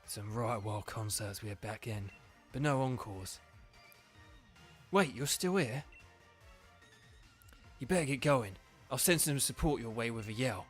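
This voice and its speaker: A man voicing a weary, laid-back male punk rocker from a video game in a low, unbothered London accent, reading the dialogue in character. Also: unhurried, pauses often, soft background music, close to an everyday voice.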